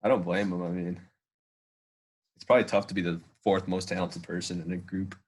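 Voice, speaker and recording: A man's voice: deep voice, level tone, fairly quick, breathy edge. A young man co-hosting a casual podcast, telling stories and laughing often. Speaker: podcast co-host. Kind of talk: casual chat.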